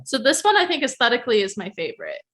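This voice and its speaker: A show host runs a casual livestream chat, gushing over the food she tastes and filling her talk with "um" and "like." Her slightly high, fairly bright voice swings wildly in pitch, and she speaks very fast.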